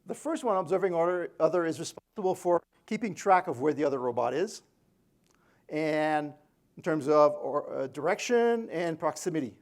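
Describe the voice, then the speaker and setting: A man's voice: a little high, lively intonation, moderate pace. A man giving a technical conference talk to an audience, hesitant and good-humored, with many fillers and restarts. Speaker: conference speaker. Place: conference room.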